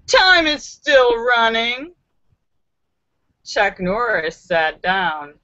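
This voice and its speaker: Playful woman with a lively, bright voice. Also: a little high, drawn-out words, dry recording, dull audio. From United States. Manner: playful, reads viewer jokes aloud with comic asides. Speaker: host reading jokes. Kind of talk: live-stream joke reading.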